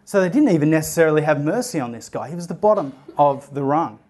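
A man's voice: fairly high pitch, lively intonation, fast talker, a little mellow. A young man giving a sermon, telling a story and acting out the voices of the people in it. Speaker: preacher.

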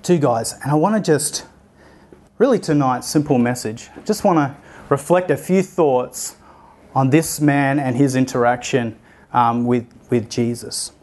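A man's voice: mid-range voice, a little slow, a little mellow. A young man giving a sermon, telling a story and acting out the voices of the people in it. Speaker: preacher.

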